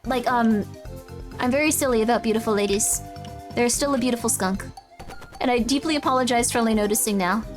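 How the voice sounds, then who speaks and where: A woman's voice: a little high, a little fast, music in the background. Bubbly, rambling young woman streamer. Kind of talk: casual let's-play chat.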